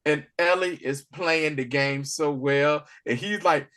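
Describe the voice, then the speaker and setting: A man co-hosting a podcast, casually recapping a TV episode in animated storytelling, acting out the characters' lines. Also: a little high, slow pace. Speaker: podcast co-host. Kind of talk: casual spoiler review chat.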